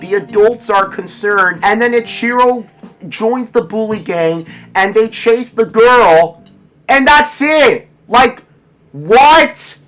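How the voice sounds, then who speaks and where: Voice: mid-range voice, fairly bright tone. A movie reviewer ranting in an exasperated way, firing off rhetorical questions and using lots of fillers.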